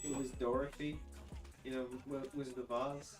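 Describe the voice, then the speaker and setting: A man's voice: medium pitch, level tone, normal speed. A man hosting a casual chat, swearing freely and laughing as he riffs. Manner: profane, laughing, riffing. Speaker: host. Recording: distant mic with music behind.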